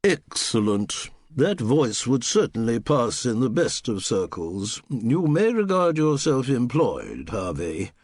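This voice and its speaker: A man's voice: mid-range voice, sing-song, takes it slowly, a little mellow, husky, no room sound, clean studio sound, full character voice. A man voicing an imperious elderly aristocratic duchess, haughty and pompous in her clipped speech.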